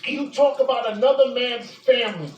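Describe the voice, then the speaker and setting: A woman delivering an angry direct-to-camera rant, accusing and repeating insults, sometimes shouting. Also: on the high side, moderate pace, highs cut off. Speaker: vlogger addressing a public figure. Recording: echoey room, distant mic.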